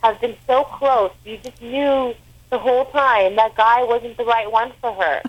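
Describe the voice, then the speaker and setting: A woman's voice: fairly high pitch, steady tone, unhurried, highs cut off. A woman chatting casually as a co-host, loose and slangy, with many "like" fillers. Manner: loose, slangy, heavy use of "like". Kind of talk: casual chat.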